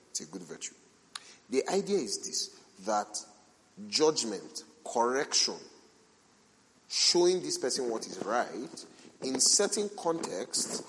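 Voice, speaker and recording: A man preaching a sermon as a pastor, telling animated everyday stories, asking rhetorical questions and acting out the people he quotes. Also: mid-range voice. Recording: long reverb from a large hall.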